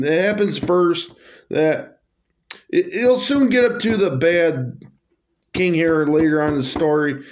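Man reading his own story aloud, high voice, slow, rambling, hesitant asides. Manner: rambling, hesitant, full of fillers.

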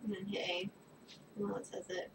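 A woman's voice: medium pitch, completely flat delivery, fairly quick, creaky. A woman chatting casually while her husband plays a video game, playful and giggly, giving tips from the side. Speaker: streamer and co-host. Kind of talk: casual chat while watching gameplay. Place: home living room. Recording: distant room mic with background noise.

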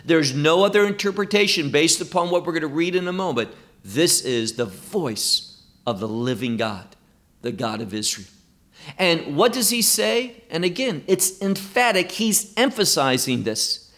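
Male Bible teacher, slightly high voice, unhurried and emphatic, explaining scripture. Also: animated, fairly bright tone. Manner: slow, emphatic, quoting scripture verse by verse.

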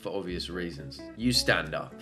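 A man doing comedic reaction commentary, sarcastic and jokey, swinging between loud outbursts and muttered asides. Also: sits low, lively intonation, moderate pace, soft background music.

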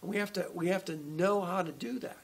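A pastor gives a relaxed sermon, his voice sitting high for a man with a gravelly, husky edge. He circles back and restarts his phrases as he speaks, in an easygoing conversational way. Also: brisk. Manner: conversational preaching with frequent restarts. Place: church.

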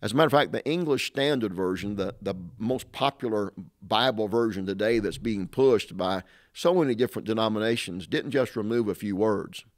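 A man's voice: fairly low pitch, a little fast. Man, pastor, emphatic sermon talk, repeats himself, rhetorical questions, middle-aged. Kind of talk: sermon-style teaching talk.

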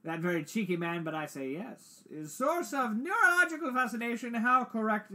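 A pompous lady scientist in a game, piling up big words in broken English with a thick, wobbly mock-European accent, as a man puts her on. The voice sits far above an ordinary man's pitch, with a bright, sharp edge. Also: animated, moderate pace, heavily acted. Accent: put-on vague European. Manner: wordy, broken grammar, theatrical. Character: eccentric female scientist, pompous, mangled English.

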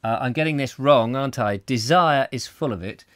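A man's voice: mid-range voice, moderate pace, fairly bright tone, dry recording, studio quality. A man hosting a live book reading, narrating and chatting to viewers with self-deprecating asides. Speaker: host and reader. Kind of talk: live audiobook reading with chat.

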